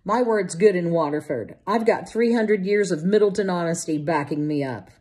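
A woman's voice: fairly low pitch, moderate pace, a little mellow, close to an everyday voice. Woman voicing a stubborn, gasping young fisherman. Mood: defiant.

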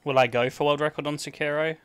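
A man's voice: on the high side, steady tone, quick pace, fairly bright tone, slight background noise. A young man with an English accent, streaming a game and chatting casually with crude jokes and lots of swearing. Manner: crude, joking, swears a lot. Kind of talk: casual gameplay commentary.

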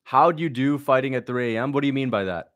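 A man's voice: mid-range voice, fast, a bit bright. A young man hosting a livestream, chatting casually, blunt and sarcastic as he reads out viewer questions and mocks what he sees. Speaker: livestream host reacting to a fight.

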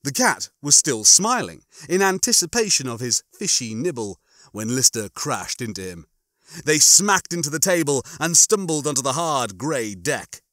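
A man reading a comic audiobook as narrator, with animated, expressive storytelling. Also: mid-range voice, moderate pace, dry recording, clean studio sound. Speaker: audiobook reader.

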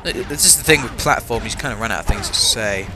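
Animated and fast, the mid-range voice of a young English let's-play gamer comes over game music. Coughing slightly, he speaks with an English accent, chatting casually, joking at his own expense and using lots of fillers.

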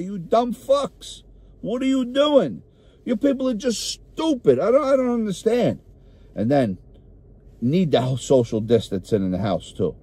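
A man's voice: fairly high pitch, mellow, husky, dry recording. A man with a New York accent doing a comic, profane rant to camera, sounding exasperated.

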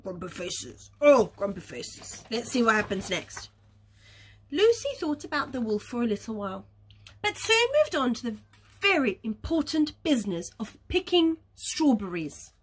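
A woman teacher reading a picture book aloud to young children, animated, gasping and coaxing them to join in. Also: on the high side, normal speed, breathy edge. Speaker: early years teacher.

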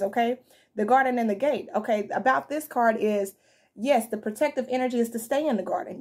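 A woman gives a loose, talkative tarot reading, her voice sitting a little on the high side. She chats directly to her viewers in a slangy way. She sounds freshly woken and a bit drowsy. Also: darkish tone. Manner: chatty, slangy, addresses viewers as y'all and fam. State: just woke up, yawning. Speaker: tarot reader.

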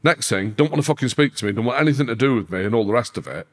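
Sweary man telling a story. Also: very fast. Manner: sweary, animated, pitch leaps up when worked up. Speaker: podcast guest. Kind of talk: casual storytelling interview.

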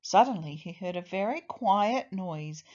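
Woman, teacher, storybook read-aloud, expressive, lively pitch, muffled recording. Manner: expressive, deliberate.

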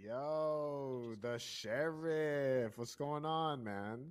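A man's voice: medium pitch, very slow, smooth. A man in improvised game roleplay, playing a restaurant worker who talks in a casual, placating way. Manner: casual, placating, laid-back banter.

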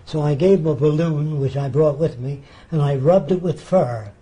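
A man's voice: on the high side, moderate pace. An older man being interviewed, telling anecdotes and acting out the voices of the people in them. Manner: animated storyteller acting out quoted voices. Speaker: interviewee, futurist. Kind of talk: anecdotal storytelling.

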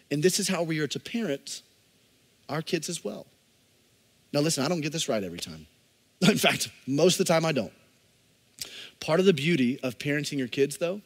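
Male pastor, thirties, higher-pitched voice, passionate sermon delivery, long church-hall reverb. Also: husky. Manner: impassioned preaching that swings from loud emphasis to soft, intimate asides. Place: church sanctuary.

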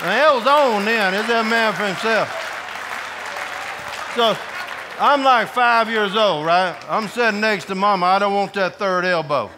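A man from Georgia, preaching a humorous storytelling sermon to a prison audience in a folksy, animated way. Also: high voice, a little slow, a loud crowd, heavy background noise. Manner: folksy, animated, acts out voices in his stories.

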